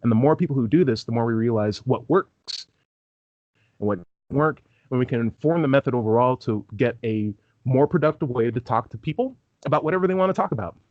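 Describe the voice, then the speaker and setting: A man's voice: medium pitch, fairly quick, a little mellow, dry recording, muffled recording. Young man, california-raised, casual interview guest, filler-heavy delivery, dry sound, video call. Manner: rambling, lots of "like", acts out quoted voices. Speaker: street epistemologist guest.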